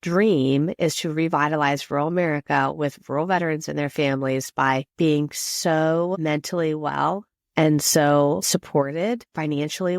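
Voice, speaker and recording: A woman's voice: low-pitched, no room sound, studio quality. A woman from rural Pennsylvania, a guest on an interview podcast, talking casually and earnestly. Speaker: guest, veterans nonprofit leader.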